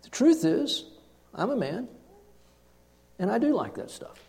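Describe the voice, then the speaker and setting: A male pastor preaching a sermon, telling a personal story with animated delivery and hushed drops for emphasis. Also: high voice, unhurried, gravelly.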